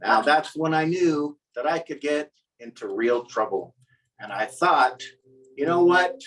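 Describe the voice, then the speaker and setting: A man's voice: medium pitch, unhurried, a bit bright, recorded from a distance, rough recording. A man telling a comic personal story at a live storytelling event, wry and self-mocking.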